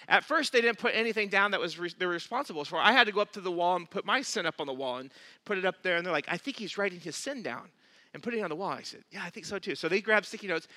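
Male pastor, high and very bright voice, animated storytelling sermon, dry close sound. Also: no room sound. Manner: animated storyteller, acts out quotes, laughs at himself.

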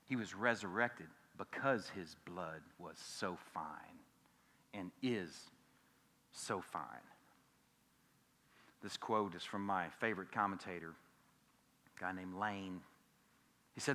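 A man preaching a sermon as pastor, emphatic, swinging between loud and hushed and repeating key phrases. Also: lowish voice, expressive, unhurried, long pauses, big-room sound. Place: church sanctuary.

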